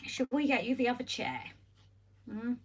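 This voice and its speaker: A woman hosting a casual home live stream, chatty and greeting viewers by name, her voice slightly croaky as she recovers from being ill, talking into a phone on a holder. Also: fairly high pitch, sing-song, moderate pace. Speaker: livestream host.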